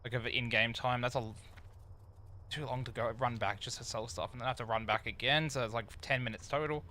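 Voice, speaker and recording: A man's voice: medium pitch, fairly even intonation, a little fast, pushed and bright, slight background noise. A man streaming an online game, chatting casually in a loose, rambling way with plenty of fillers. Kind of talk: casual chat while gaming.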